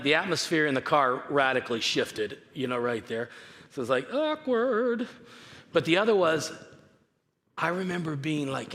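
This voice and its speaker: Chatty pastor preaching in a reverberant hall. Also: male voice, a little high, a bit bright. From California. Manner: chatty, repeats himself, storytelling. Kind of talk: conversational sermon. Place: church auditorium. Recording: reverberant hall with faint noise.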